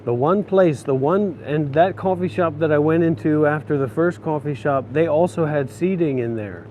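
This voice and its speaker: A man's voice: on the high side, moderate pace, darkish tone, slight background noise. A man vlogging while walking city streets, ranting in a frustrated, profane way. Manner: frustrated, swearing, grumbling.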